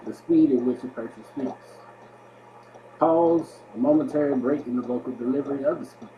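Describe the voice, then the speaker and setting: A man's voice: mid-range voice, moderate pace, a little hiss or hum. Man reading study notes over dull webcam audio. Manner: loud on headings, trailing off quietly at sentence ends. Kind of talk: reading study notes aloud as a video presentation. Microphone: webcam microphone.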